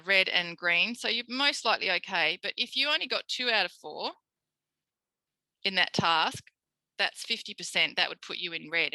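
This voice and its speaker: Bright-voiced Australian woman lecturing. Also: mid-range voice, dry recording, rough recording. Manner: animated, acts out quoted voices. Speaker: speech pathologist lecturer. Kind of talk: recorded tutorial lecture.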